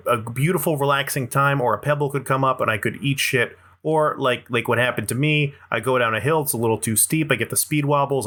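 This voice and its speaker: A man's voice: medium pitch, bright, forceful tone. A young adult man hosting a podcast, delivering a rambling, self-deprecating comedic monologue and swearing freely. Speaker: podcast host.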